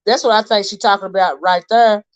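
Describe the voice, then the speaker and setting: A woman's voice: mid-range voice, steady tone. A woman hosting a casual livestream commentary, talking straight to her viewers. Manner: chatty, talks straight to viewers, halting restarts while reading posts aloud. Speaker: livestream host. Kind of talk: casual commentary on a crime case. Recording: slightly dull lo-fi stream audio.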